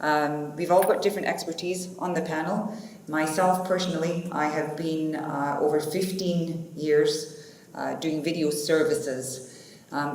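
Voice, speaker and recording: A woman's voice: sits low, darkish tone. A woman moderating a conference panel, chatty and informal. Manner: chatty, informal, uses fillers. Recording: echoey conference hall, faint noise.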